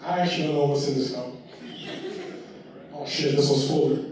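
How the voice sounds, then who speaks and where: A man does a stand-up set on a live stage, captured in distant, echoey audio with a little hiss or hum. His medium-pitched, darkish voice moves a little fast with fairly even intonation as he tells a loose, swear-heavy story, acting out his own reactions.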